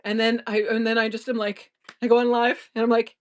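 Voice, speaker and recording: A woman's voice: a little high, level tone, a little fast. A middle-aged woman hosting an improvised solo podcast, talking in an earnest, reassuring and rambling way, often restarting her sentences. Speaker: podcast host. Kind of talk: improvised casual monologue.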